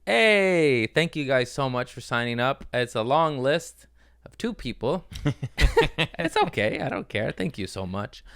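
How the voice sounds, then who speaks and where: Comedy podcast host, a man with an animated delivery in a dry room. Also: medium pitch, measured pace, creaky, clean tone, no room sound. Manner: joking, rambling, throws in silly voices. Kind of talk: casual comedic chat.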